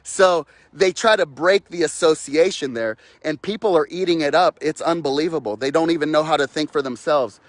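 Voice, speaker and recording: A man's voice: a little high, normal speed, hardly any pauses, no room sound. A man delivering a fiery, preachy rant outdoors, repeating phrases and mocking others' voices, recorded close on a phone.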